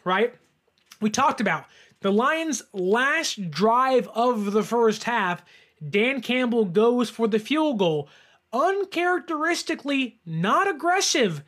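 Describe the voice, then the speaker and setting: Man, high-pitched voice, sports reaction host, animated fan rant. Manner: animated, fan ranting with rising shouts. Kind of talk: excited sports reaction monologue.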